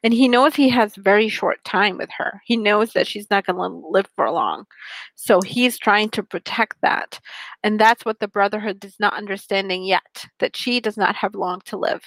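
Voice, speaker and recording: A woman with a mid-range voice reflects on a story in an unhurried way. The recording is dry and close. It is a casual conversation about a book. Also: medium pitch, a bit bright, no echo, low-quality recording.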